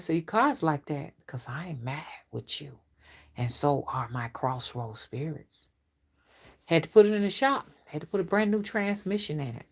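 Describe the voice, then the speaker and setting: A rootwork spiritual reader tells a story to camera in a casual monologue. Her lowish voice is sing-song and stern, and she draws out words emphatically as she warns.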